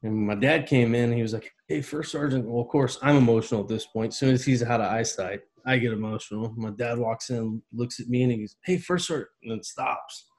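A man's voice: mid-range voice, steady tone, fast talker, few pauses, a little mellow, poor audio. A man in his thirties telling an emotional personal story in a casual conversation, earnest and heartfelt. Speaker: podcast guest.

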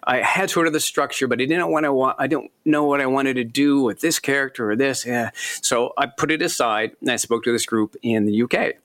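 A man, an author being interviewed, telling stories in a lively, self-deprecating way and laughing often. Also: mid-range voice, brisk. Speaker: author guest. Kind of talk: casual interview chat.

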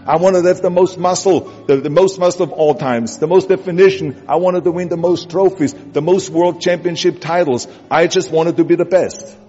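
A man's voice: high voice, fairly even intonation, moderate pace, hardly any pauses, mellow, slightly rough. A man with a German accent giving an emphatic motivational speech, building his points through repetition. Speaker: motivational speaker. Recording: echoey hall, dull sound, music behind.

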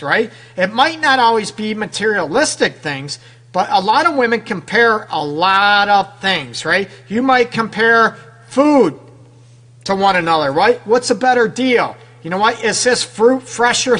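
A radio show host and relationship counselor with a fairly high-pitched, bright, forceful voice runs an advice program. He talks to listeners directly in a frank, loose, conversational way, constantly asking them rhetorical questions.

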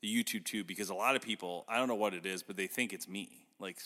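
Low bright-voiced man hosting a podcast. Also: fast, long reverb tail. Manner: animated storytelling with laughs. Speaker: podcast host. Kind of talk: casual chat.

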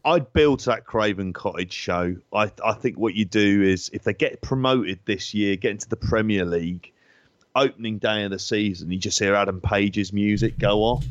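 Brief: London man, low voice, rambling co-host, close dry lo-fi sound. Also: no room sound. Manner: jokey, rambling, quick asides. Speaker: podcast co-host. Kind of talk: casual chat.

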